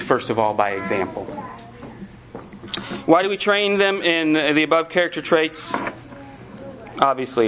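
A pastor with a medium-pitched, fairly bright voice preaches to parents in a conversational style, telling a story and acting out what its characters say. The recording is low quality, with a little hiss or hum.

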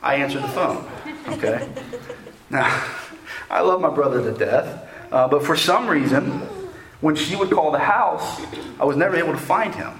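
A man's voice: on the high side, lively intonation, moderate pace, long pauses, a crowd in the background. A man in his forties giving a sermon as a guest preacher, telling a personal story in a folksy, joking way and often asking "okay?". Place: church sanctuary. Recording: echoey church room.

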